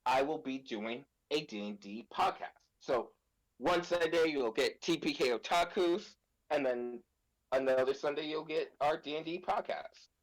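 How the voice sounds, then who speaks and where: A man co-hosting a casual stream, halting and hesitant, full of ums as he lays out plans. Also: fairly high pitch, rough recording. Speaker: co-host.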